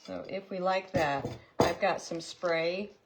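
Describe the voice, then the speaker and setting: A woman's voice: on the low side, steady tone, slow pace, very noisy. A woman hosting a live craft tutorial, chatting with viewers in an upbeat way while she works. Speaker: craft host.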